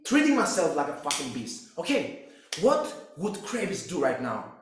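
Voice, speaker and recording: A young man tells his own story as a fitness coach, intense and full of swearing. His voice sits high for a man. The sound bounces around a very echoey room. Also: wildly swooping pitch, normal speed, slight background noise. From Cyprus. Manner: intense, profane, restless delivery with restarts. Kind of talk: personal story monologue.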